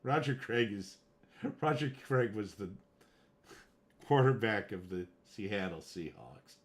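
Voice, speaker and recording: A man's voice: on the low side, animated, slow pace. A man chatting casually on a game livestream, rambling, searching for names and getting worked up at times. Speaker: livestream gamer chatting with viewers. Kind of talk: casual chat.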